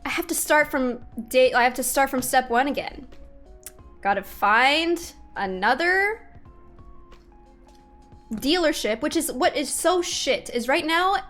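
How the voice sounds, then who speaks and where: High-voiced young woman venting to her stream. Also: animated, a little slow, pauses often, a bit bright, faint music behind. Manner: exasperated venting, swears freely, laughs in disbelief. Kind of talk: casual chat to stream viewers.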